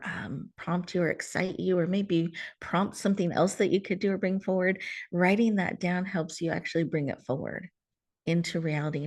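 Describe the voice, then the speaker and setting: Woman host, calm guided-breathing coach, lower voice, soothing, over a video call. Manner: soothing, warm coaching with soft laughs, drops to whispers. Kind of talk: gentle guided mindfulness talk.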